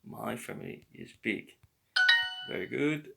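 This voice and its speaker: A man giving a slow, patient beginner language lesson, explaining words one by one. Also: fairly low pitch, expressive, creaky, husky. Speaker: language teacher.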